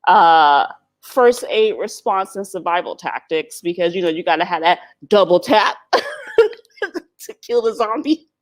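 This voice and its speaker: A woman's voice: fairly low pitch, sing-song, a little slow. A middle-aged woman chats on a live stream through a phone or webcam mic. Her voice swoops up and down as she laughs often and speaks bluntly. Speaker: vlogger hosting a live stream. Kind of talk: casual live-stream chat.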